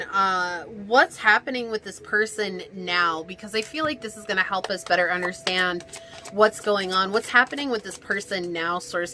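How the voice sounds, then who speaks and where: A woman giving a casual pick-a-card tarot reading, rambling and animated with many fillers and restarts. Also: medium pitch. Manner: rambling, animated, lots of fillers and self-corrections. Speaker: tarot reader.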